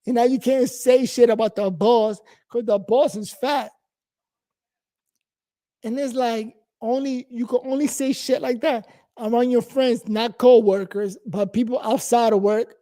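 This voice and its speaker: A man's voice: extremely high pitch, steady tone, a little slow, dark tone. A man in his forties from New York, giving a blunt, profane, rambling casual monologue as host.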